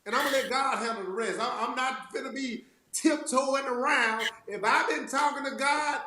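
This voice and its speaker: A man's voice: extremely high pitch, moderate pace. Folksy, laughing man in a roomy space. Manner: lively, folksy, laughs while making points. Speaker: co-host of a church talk show. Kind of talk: casual faith discussion.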